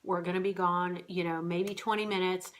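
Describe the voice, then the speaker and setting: A woman vlogger telling a story to camera in a casual, animated, exasperated way. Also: fairly low pitch, moderate pace.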